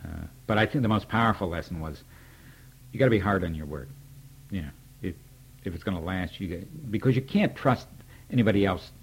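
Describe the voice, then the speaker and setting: Here the older poet's deep voice carries a breathy edge; he talks briskly but leaves long pauses. He's reminiscing reflectively about a mentor, telling candid, wry stories and performing the old dialogues.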